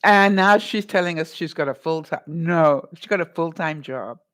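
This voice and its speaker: A woman's voice: sits low, normal speed, fairly bright tone. Chatty woman vlogger reading live chat. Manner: chatty, calls viewers honey and speaks to them by name; rambling, with restarts and asides. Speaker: vlogger answering live viewers. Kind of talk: live-stream advice chat.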